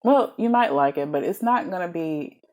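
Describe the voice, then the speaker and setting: A woman's voice: lowish voice, moderate pace. A woman giving a casual, chatty book review, talking animatedly and laughing often between thoughts. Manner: animated, chatty, giggly, many fillers.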